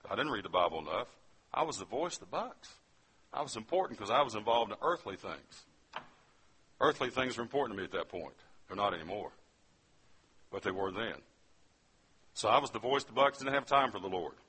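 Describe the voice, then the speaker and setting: A man's voice: on the low side, animated, a little fast, pauses often, bright, forceful tone, husky. A man from West Virginia telling a testimony as a sermon, speaking straight to his listeners as he tells his story. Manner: storytelling, addresses the audience directly.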